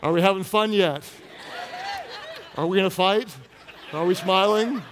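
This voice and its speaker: A man's voice: high voice, unhurried, a bit bright, a faint crowd, a little hiss or hum. A man preaching a humorous sermon as pastor, playful and teasing with the congregation. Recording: long reverb of a large hall.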